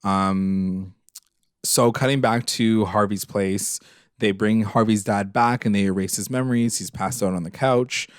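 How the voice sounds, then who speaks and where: A man's voice: on the low side, measured pace, clear, resonant tone, no echo, studio quality. A man co-hosting a podcast, retelling a TV episode in casual, emotional chat full of fillers. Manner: emotional, animated retelling, many fillers and swearing. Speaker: podcast co-host.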